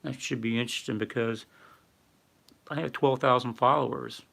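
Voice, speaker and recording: A man's voice: medium pitch, steady tone, normal speed, creaky, a bit bright. An older man hosting a casual livestream, rambling and reading viewer chat aloud with lots of fillers. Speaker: livestream host. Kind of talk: casual live-stream talk.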